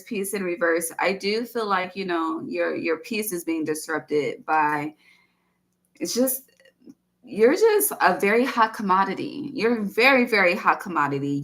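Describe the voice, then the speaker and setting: A woman's voice: mid-range voice, a bit bright. A woman giving a casual tarot reading, rambling and chatty, swearing freely as she talks. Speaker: tarot reader.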